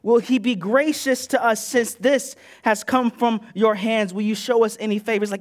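A man with a very high voice preaches to his church on a PA mic. He keeps it conversational, acts out the voices he quotes, and swings his delivery between loud and soft. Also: moderate pace, hardly any pauses. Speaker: pastor. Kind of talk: sermon. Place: church sanctuary.

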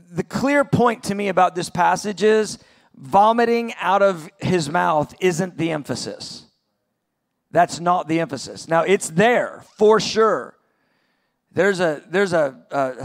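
A middle-aged man preaching an earnest sermon at a conference, building to impassioned peaks. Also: sits high. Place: large venue, conference session.

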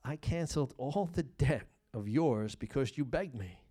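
A man preaching a sermon as pastor, reading scripture and explaining it, swinging between loud emphasis and hushed asides. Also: mid-range voice, animated, a little slow, husky.

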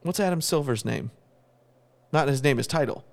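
A man's voice: mid-range voice, animated, moderate pace, vocal fry. A man co-hosting a podcast in casual chat, giving opinions and restarting words as he thinks. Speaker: podcast co-host.

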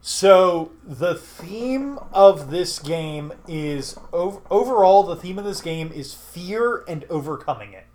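Rambling young game master. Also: male voice, high voice, expressive, slow, hardly any pauses, darkish tone. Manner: rambling with many fillers and restarts. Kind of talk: casual podcast interview.

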